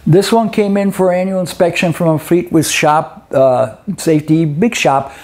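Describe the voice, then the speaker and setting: A middle-aged man teaches a live webinar on truck inspections in a folksy, conversational way. His voice sits a little high for a man, yet its tone is mellow. He keeps checking in with his listeners with "okay?" and "eh?". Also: normal speed. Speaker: instructor.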